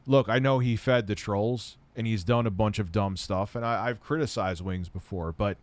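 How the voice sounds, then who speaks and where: A man's voice: fairly low pitch, normal speed. A man answering viewer questions on a casual live stream, blunt and rambling, often heated and swearing.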